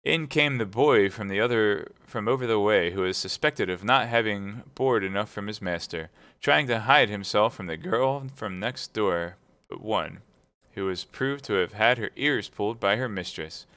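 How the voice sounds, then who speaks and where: A man reading a classic novel aloud at speedrun pace, brisk and steady. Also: fairly low pitch, clear, resonant tone, no echo. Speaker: reader.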